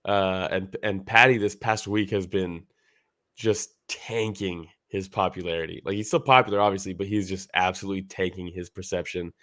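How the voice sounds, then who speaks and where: Man, podcast co-host, low voice, dry close mic, rambling casual chat. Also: steady tone, normal speed, a bit bright, no room sound. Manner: rambling, full of "like" fillers, laughs while retelling. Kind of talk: casual fight analysis chat.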